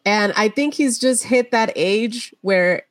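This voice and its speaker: Blunt, animated woman on a dry mic. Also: a little high, slow pace, no room sound. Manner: animated, blunt, laughing between jokes. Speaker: podcast co-host. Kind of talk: casual chat.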